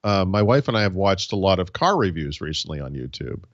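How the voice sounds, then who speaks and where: Low-voiced man rambling on a podcast. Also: sing-song, brisk, no room sound, highs cut off. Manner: rambling, many false starts and restarts. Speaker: podcast co-host. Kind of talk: casual tech podcast chat.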